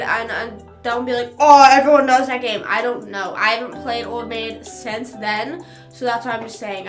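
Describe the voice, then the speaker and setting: A young woman streamer rambling in casual chat at home, with lots of fillers. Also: a little high. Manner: rambling and chatty, with frequent fillers. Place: home room. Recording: roomy echo, faint music behind.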